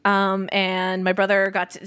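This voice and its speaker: A woman guest in casual chat, a quick, laughing storyteller who acts out the people she quotes. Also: medium pitch, completely flat delivery, a bit bright, smooth. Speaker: podcast guest.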